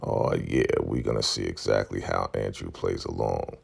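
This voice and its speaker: A man giving a casual episode recap as a vlogger, retelling scenes with animated storytelling. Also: a bass voice, moderate pace, vocal fry, breathy edge.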